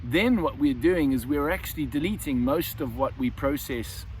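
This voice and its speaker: A South African man hosts a self-help video, talking to camera in a reflective, unscripted monologue. His mid-range voice moves at a normal speed, and he often restarts and repeats words; there's a little hiss or hum.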